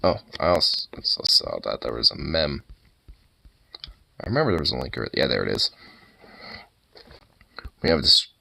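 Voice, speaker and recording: A man's voice: extremely low pitch, very animated, moderate pace, creaky, long pauses, pushed and bright. A young man casually reacting to videos, rambling, laughing and swearing freely as he watches.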